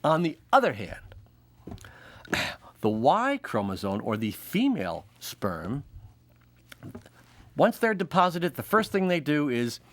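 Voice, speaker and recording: Animated man doing a comedy monologue. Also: a little high, slow, pauses often. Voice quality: animated, jokey, laughs often. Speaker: comedy show host.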